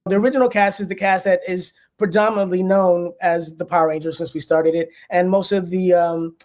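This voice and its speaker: A man from Detroit with a Detroit accent, a former actor being interviewed, explaining things in a measured way. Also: sits high, fairly even intonation, darkish tone. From Detroit, USA. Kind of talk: casual interview.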